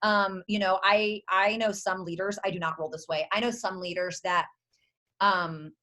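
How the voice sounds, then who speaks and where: A woman leading a motivational leadership call for her sales team, speaking with energy and emphasis and repeating her slogans, sometimes breaking into excited cheers. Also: medium pitch, normal speed. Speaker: network marketing team leader. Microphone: video or conference call.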